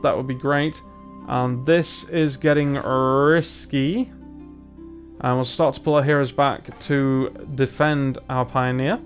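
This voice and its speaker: A man, commentating a strategy game in a chatty, self-mocking way. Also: medium pitch. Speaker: gamer. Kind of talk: let's play commentary.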